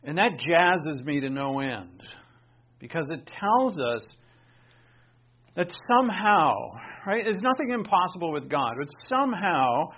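A man preaching a sermon, animated, swinging between emphatic bursts and quiet asides. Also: a little high, measured pace. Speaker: pastor. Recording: dull lo-fi sound.

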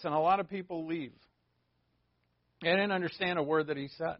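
Speaking fairly quickly in a voice on the high side, a pastor gives a conversational sermon full of rhetorical questions and informal asides. The recording is dull, dry and lo-fi, with no room sound at all.

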